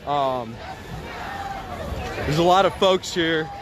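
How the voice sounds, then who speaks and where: A man's voice: fairly high pitch, slow. A man working as an independent journalist, reporting live and interviewing people at a street protest in a casual, polite way. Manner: casual, polite, explains plainly to his viewers. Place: outdoors at a city protest. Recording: busy outdoor crowd and traffic noise. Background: crowd and traffic noise.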